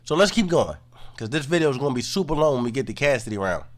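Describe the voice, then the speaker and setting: A man giving casual commentary, relaxed and low-key, full of "you know" fillers. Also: fast.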